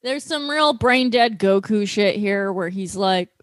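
A woman's voice: mid-range voice, lively intonation, no echo. A woman co-hosting a casual comedy podcast, recapping an anime with sarcasm and casual swearing. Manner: sarcastic, swears casually, does quick character voices.

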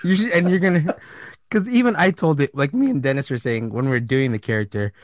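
A man chatting casually as a podcast co-host, telling a story in an animated way and laughing often. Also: fairly high pitch, fast talker, dry recording. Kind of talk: casual chat.

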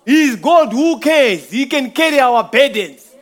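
A man's voice: extremely high pitch, lively intonation, measured pace. A man giving an informal church testimony, telling a rambling story with frequent chuckles.

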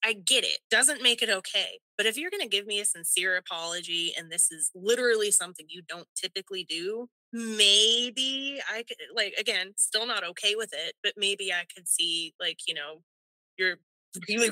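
A woman telling a personal story in an animated, conversational way, acting out what other people said. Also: mid-range voice, moderate pace, dry recording, rough recording.

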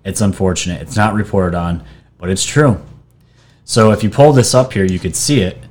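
Low-voiced man giving rambling commentary. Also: moderate pace, darkish tone. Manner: conversational, rambling with restarts and fillers. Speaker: video channel host. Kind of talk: casual commentary reading from screen. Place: New York.

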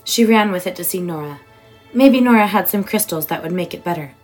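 A woman reading a children's bedtime story aloud in a warm, expressive way. Her voice sits fairly low, and soft music plays quietly behind her. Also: brisk, low-quality recording.

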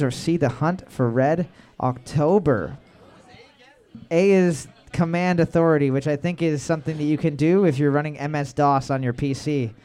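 A man's voice: on the high side, darkish tone. A man hosting a live bar trivia night, reading each question twice and joking between rounds. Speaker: trivia host.

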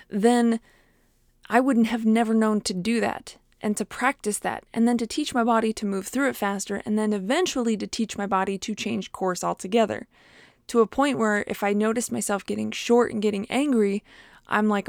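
A woman's voice: medium pitch, steady tone, normal speed, gravelly, no echo, studio quality. A young woman coach talking through emotions in a casual monologue, full of fillers and quoted self-talk.

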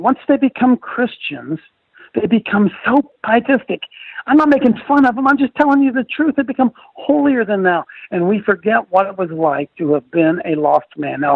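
A man's voice: high-pitched, gravelly, no echo. An older man hosting a Christian radio talk show, preachy and emphatic, repeating phrases for stress, with a dull dry studio sound. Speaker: radio host, ministry leader.

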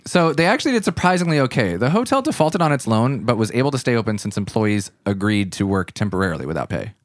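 A man's voice: on the low side, sing-song, quick pace, dry recording. A man co-hosting a casual podcast, telling local history with dry, teasing humor. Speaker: co-host.

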